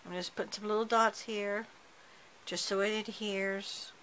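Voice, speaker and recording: A chatty woman talks through a card-making project, breaking off and restarting as her hands stay busy. Her voice is bright and forward. A faint hum of room noise sits behind her. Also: mid-range voice, steady tone, a little slow, rough recording. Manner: chatty, self-correcting while working with her hands. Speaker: card-making tutorial host. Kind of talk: casual craft tutorial narration.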